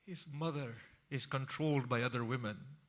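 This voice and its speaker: In a medium-pitched voice at normal speed, a preacher delivers a sorrowful sermon about a tragedy, his grieving telling sinking to near-whispers and swelling to passionate cries.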